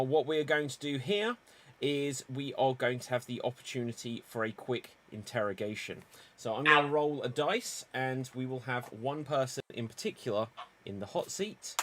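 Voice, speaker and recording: Improv host guy, big announcer delivery, mid-pitched voice, running the votes. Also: a bit bright. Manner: theatrical, announcing rules and votes. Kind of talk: hosting a live improv game.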